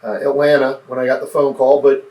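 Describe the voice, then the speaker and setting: A man's voice: mid-range voice, completely flat delivery, a little fast, a little mellow. A man talking earnestly and reflectively in a casual interview, often restarting his sentences. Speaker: podcast guest, former state senate candidate. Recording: roomy, mic at a distance.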